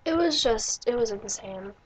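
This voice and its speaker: A woman's voice: fairly high pitch, animated, measured pace, heavy background noise. A young woman vlogger telling stories casually, rambling with many fillers and restarts. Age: young adult. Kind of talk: casual storytelling vlog.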